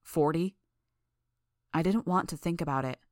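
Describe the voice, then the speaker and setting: A woman reading a first-person audiobook narration in a steady, measured way. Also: sits low, no room sound, clean studio sound.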